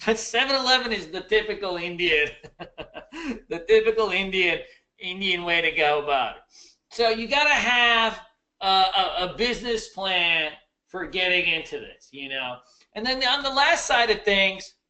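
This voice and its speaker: High, bright-voiced man teaching trading. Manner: loose, joking, swears freely, keeps asking "right?". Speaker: trading instructor. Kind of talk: casual live webinar teaching. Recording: echoey room.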